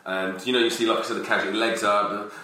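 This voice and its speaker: A man in casual podcast banter, animated and swearing freely. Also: lowish voice, fast, a little hiss or hum. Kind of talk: casual chat. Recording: very echoey room, distant mic.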